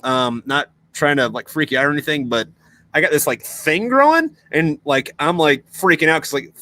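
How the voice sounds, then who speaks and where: A man's voice: on the high side, expressive, normal speed, pushed and bright. A young man hosting a podcast, telling crude stories in casual chat, swearing often and full of fillers. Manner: profane, storytelling, lots of fillers. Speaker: podcast host.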